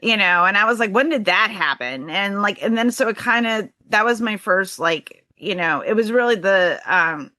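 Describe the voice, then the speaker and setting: A woman's voice: mid-range voice, moderate pace, hardly any pauses, bright, forceful tone, no room sound. A woman in her forties from New Hampshire with a light New England accent, talking casually as a guest on a podcast and laughing easily. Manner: chatty, quotes herself often, laughs easily. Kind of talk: casual interview conversation.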